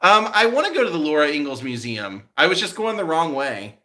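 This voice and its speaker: A man's voice: on the high side, sing-song, fairly quick, bright, forceful tone. A man hosting a live stream as a vlogger. He chats casually with his viewers and tells meandering stories, full of restarts and fillers. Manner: rambling storyteller with many restarts and fillers.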